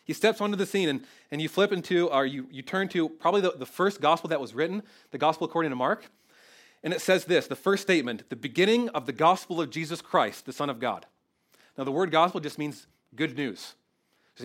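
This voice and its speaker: A man's voice: on the high side, expressive, a little fast, a bit bright. A man preaching a sermon, earnest and conversational, often restarting his phrases and growing emotional. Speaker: pastor.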